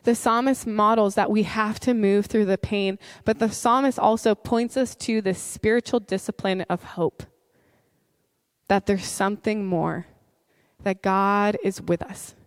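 Woman preacher, earnest sermon delivery, slow and deliberate, dry close sound. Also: mid-range voice, fairly even intonation, clean tone, dry recording. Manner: earnest, reads scripture slowly with emphasis, some restarts. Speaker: pastor.

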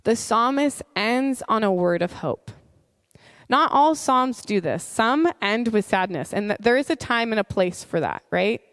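A woman preaching a sermon, earnest, reading scripture slowly and with emphasis. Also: fairly high pitch, expressive, a bit bright, no echo. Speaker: pastor.

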